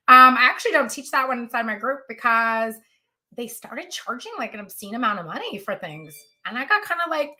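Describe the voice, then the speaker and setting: A woman business coach, teaching in a chatty, animated way during a live coaching session. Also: a little high. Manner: chatty, animated, says y'all.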